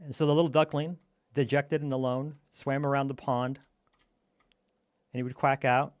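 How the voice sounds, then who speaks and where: A man's voice: mid-range voice, little pitch movement, normal speed, no room sound, clean studio sound. Playful man telling a goofy story. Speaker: gamer telling a campfire story. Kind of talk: casual gaming chat.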